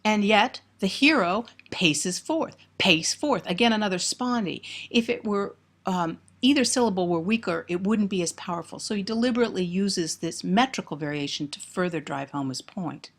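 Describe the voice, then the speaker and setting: A woman giving a close-reading lecture on poetry, thoughtful and emphatic on key words. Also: medium pitch. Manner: thoughtful, emphatic on key words, reads verse aloud slowly.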